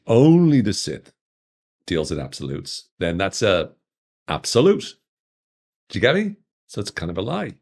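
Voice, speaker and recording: Male podcast host with a deep voice, upbeat and chatty, teasing his listeners. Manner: enthusiastic, chatty, with playful asides to listeners. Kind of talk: solo podcast talk.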